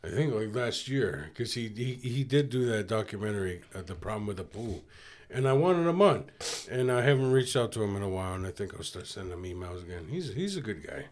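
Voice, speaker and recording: A man's voice: fairly low pitch, fairly quick. A man co-hosting a comedy podcast, trading crude, teasing banter. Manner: profane, teasing, animated. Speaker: podcast co-host.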